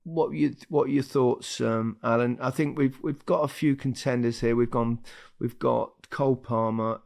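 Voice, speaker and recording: Gravelly man telling stories. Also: medium pitch, normal speed. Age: older. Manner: lively storytelling, laughs often. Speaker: podcast co-host. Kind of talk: casual chat.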